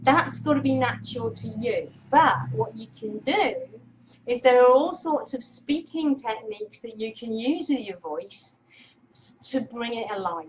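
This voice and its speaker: Energetic woman host coaching on camera; bright, excitable delivery, lo-fi webcam audio. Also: a little high, unhurried, a little hiss or hum. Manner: excitable, energetic, greets viewers by name. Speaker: Facebook Live host and speaking coach. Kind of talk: casual live-stream coaching talk. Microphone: webcam clipped on monitor.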